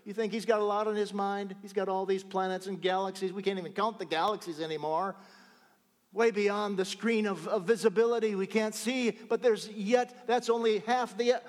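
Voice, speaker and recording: A man preaching a sermon as a pastor, swinging between loud exclaiming and hushed whispers. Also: sits high, in a large hall.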